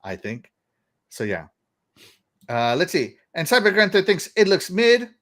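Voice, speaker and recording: A man's voice: high voice, very animated, unhurried, a bit bright. A middle-aged man from Texas hosting a casual gaming podcast, rambling and laughing as he reads out viewer comments. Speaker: podcast host.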